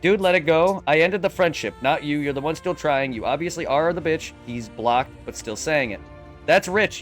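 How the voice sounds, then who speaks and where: Brief: male streamer, fairly high voice, heated profane venting, soft music underneath. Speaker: game streamer. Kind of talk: live stream rant.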